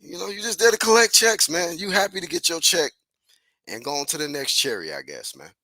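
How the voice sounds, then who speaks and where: A young man giving casual, profane, animated commentary, constantly dropping "man". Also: on the high side, brisk, no room sound. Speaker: commentary host.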